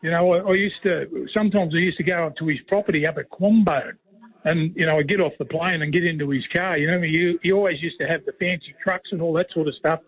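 A man's voice: on the high side, quick pace, slightly rough. Australian man on a tinny phone line. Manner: rambling, folksy, says "mate" constantly. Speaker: radio guest, former player and commentator. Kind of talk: casual storytelling chat.

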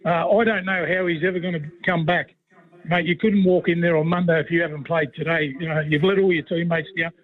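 A man's voice: fairly high pitch, fairly even intonation, fairly quick. A middle-aged Australian man, a former player turned commentator, chatting on the radio and telling rambling, matey yarns. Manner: rambling, matey, fond of a yarn. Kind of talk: casual radio chat. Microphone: phone call. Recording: tinny phone line.

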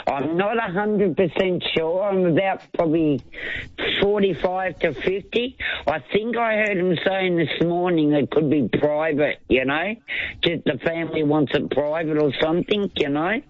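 A man's voice: on the high side, normal speed, dry recording. A man calling in to a talkback radio show, chatting along with plenty of fillers. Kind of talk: phoned-in radio chat. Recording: muffled phone line.

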